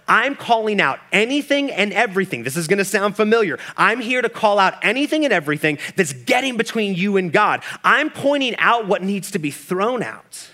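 Bright-voiced preacher delivering an impassioned sermon. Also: male voice, sits high, animated, normal speed, few pauses. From Kansas City, United States. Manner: impassioned preaching, voicing Jesus and inner voices in quotes. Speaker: pastor.

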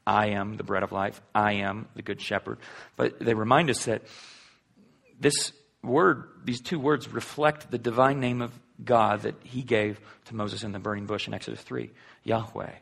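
A man preaching a sermon in a conversational way, asking the listeners rhetorical questions and swinging between loud and hushed delivery. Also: on the low side, fairly even intonation, moderate pace, gravelly, slightly rough. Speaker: pastor.

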